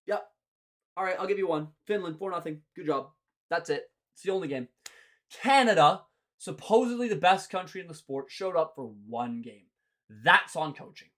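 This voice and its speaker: A young man hosting a hockey show, ranting in an exasperated, sarcastic way. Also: a little high. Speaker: hockey podcast host. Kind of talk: ranting sports commentary.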